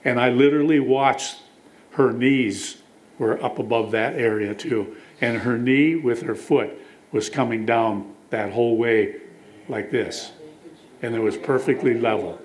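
A man's voice: mid-range voice, measured pace, a little hiss or hum, low-quality recording. A man preaching a sermon, telling stories, reading scripture aloud and putting questions to the listeners. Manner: storytelling, quotes scripture, asks the congregation questions.

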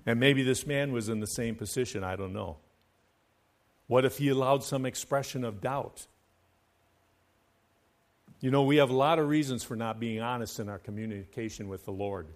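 A man preaching a sermon as pastor to his church, swinging between hushed, quiet stretches and loud, fervent passages, and chanting scripture in a sing-song cadence. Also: medium pitch, fairly even intonation, moderate pace, pauses often.

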